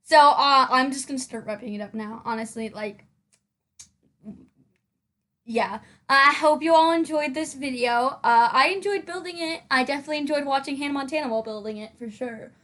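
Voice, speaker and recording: A young Sims building channel host talks over her game-building video in a casual, rambling, giggly way, with many fillers and restarts. Her high voice is bright and forceful, delivered at a moderate pace.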